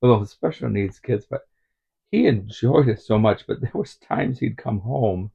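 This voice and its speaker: A man's voice: fairly low pitch, lively intonation, a little slow, creaky, breathy edge, muffled recording. A middle-aged man telling rambling stories in a casual vlog, chuckling often as he talks. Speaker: vlogger.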